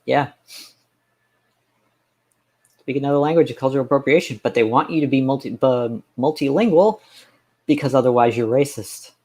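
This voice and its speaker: A man's voice: medium pitch, moderate pace, pauses often, warm tone. A man chatting casually on a live stream, ranting sarcastically and rambling with frequent restarts. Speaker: game streamer.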